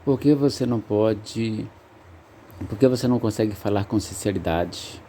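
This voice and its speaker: Mellow man giving quick translations. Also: fairly low pitch, a little hiss or hum. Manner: brief, plain translations. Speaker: language teacher. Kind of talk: translating phrases in a lesson.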